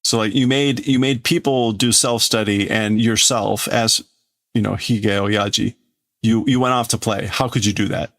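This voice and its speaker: A man translating a comic live on stream, thinking aloud in a halting, hesitant way full of restarts. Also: fairly low pitch, steady tone, a bit bright.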